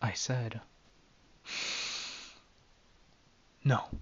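A man voicing a quiet, bullied teenage boy who speaks hesitantly and stammers. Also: mid-range voice, flat delivery, a little slow, slightly rough, lo-fi sound. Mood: withdrawn. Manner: hesitant, stammering, through clenched teeth.

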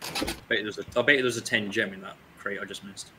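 A speedrun racer chats casually while racing, narrating his moves and tossing in self-mocking asides. His voice is lowish and steady-toned, a little fast, against a noisy background.

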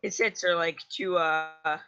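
A man's voice: on the high side, fairly even intonation, unhurried, bright, forceful tone, clear, resonant tone, highs cut off. A man chatting goofily while playing a video game with a friend. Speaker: gamer co-host. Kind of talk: casual gaming chat.

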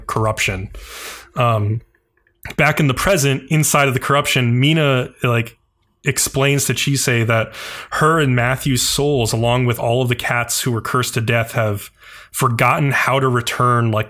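A man's voice: medium pitch, a bit bright. Guy on a podcast rambling thru an anime recap, lots of likes, normal mid voice. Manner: loose, filler-heavy storytelling with many "like"s. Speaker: podcast co-host. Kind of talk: casual chat, recapping an anime episode.

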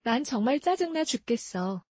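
A woman briskly reading short sentence prompts for a language lesson. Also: high voice, sing-song, darkish tone, slightly rough, dry recording. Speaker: Korean prompt reader.

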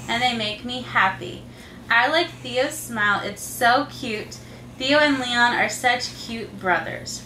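A woman's voice: sits high, bright, forceful tone, a little hiss or hum. A woman, a mother and channel host, chatting through a casual unboxing and talking sing-song baby talk to her little kids. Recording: echoey room, mic far off, faint ambience.

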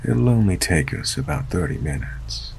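A creepy old man pressing a hitchhiker, put on by a man narrating the story. He talks in an insistent, leering way with a deep, gravelly voice. Faint background noise sits underneath. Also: expressive, moderate pace, darkish tone. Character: creepy, pushy old man driving a van.

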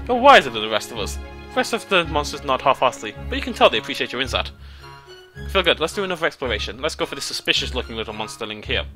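A young British man reads game text aloud with a bright, forward tone. His delivery is playful and animated, swinging high and low in pitch as he jokes around. A little music plays faintly behind him. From Britain. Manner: playful, jokey, animated reading with sudden pitch jumps. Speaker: let's play host. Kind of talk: game let's play, reading text aloud.

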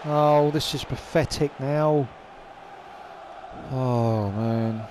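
Talking extremely slowly in a mid-range voice, the young man narrates his football video game casually over slight background noise. Frustrated, he swears, grumbles at the play and shouts at the ref.

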